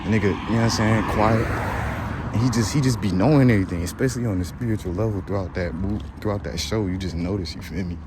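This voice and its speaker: A man's voice: fairly low pitch, fast talker, noisy background. A man vlogging casual commentary, slangy and rambling, repeating his fillers.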